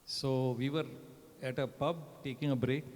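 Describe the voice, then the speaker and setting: A man's voice: mid-range voice, steady tone, moderate pace, darkish tone. A man, telling anecdotes as a panel guest in a chatty way, often tagging sentences with "right?". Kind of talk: anecdotal storytelling. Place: event hall. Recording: long reverb of a large hall.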